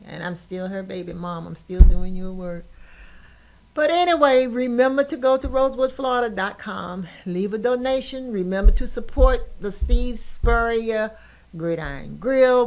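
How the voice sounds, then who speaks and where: A woman's voice: on the high side, lively intonation, a little slow. An older woman hosting a podcast, telling a personal story with emotion and laughter. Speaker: podcast host.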